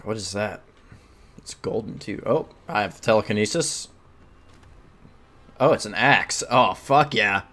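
A man's voice: on the low side, lively intonation, measured pace, long pauses, bright, forceful tone. A man giving casual let's-play commentary while gaming, laughing often, swearing and reacting with surprise. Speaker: gamer playing a video game.

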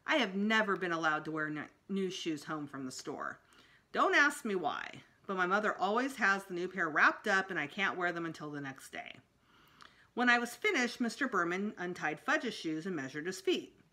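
Librarian lady reading a kids book out loud, super animated, bright. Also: fairly low pitch, normal speed. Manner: expressive storytelling. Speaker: school librarian. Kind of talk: reading a children's book aloud.

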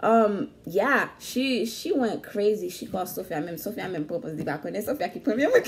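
Animated young woman telling a story. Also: medium pitch, fairly quick, slight background noise. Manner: animated, laughing, slangy storytelling. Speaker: vlog host. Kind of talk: casual storytelling chat.

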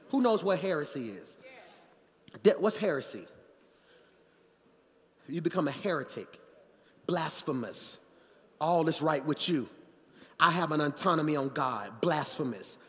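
Man, pastor, high voice, animated sermon, call-outs to the crowd, long church reverb. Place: church sanctuary.

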